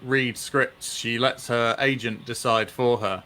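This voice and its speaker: A man hosts a comedy panel show over a video call. His voice is bright and crisp, at a middling pitch. He tosses off dry, quick jokes between the gossip. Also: steady tone. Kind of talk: casual comedy banter.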